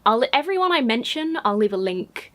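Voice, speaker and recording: An English woman talks straight to her viewers in a loose, chatty vlog. She gushes with excitement, her voice jumps up high, and she piles on fillers and restarts as she goes. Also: normal speed. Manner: gushing and excitable, with many fillers. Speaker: YouTuber. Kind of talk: casual chat.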